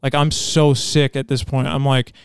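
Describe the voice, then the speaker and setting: Smooth-voiced man telling an earnest story. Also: mid-range voice, flat delivery, normal speed, no echo, studio quality. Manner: earnest, rambling storytelling with many restarts. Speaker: podcast co-host. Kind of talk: personal testimony told in casual chat.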